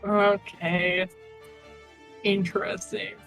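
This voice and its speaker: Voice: medium pitch, level tone, extremely slow, fairly bright tone, faint music behind. A player in a tabletop game, speaking dryly and sarcastically. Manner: dry, sarcastic.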